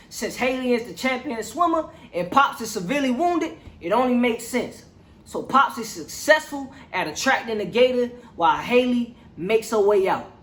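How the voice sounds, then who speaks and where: Reviewer with a mid-pitched voice, slangy and animated plot recap, roomy echo. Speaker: movie reviewer.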